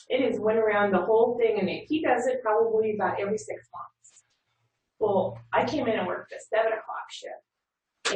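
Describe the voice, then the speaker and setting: A woman's voice: medium pitch, muffled recording. Woman telling a work story, distant and echoey. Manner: animated retelling, acts out a caller's voice. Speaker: call center manager. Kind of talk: storytelling to a workshop group. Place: training room. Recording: echoey room, distant mic, faint hum.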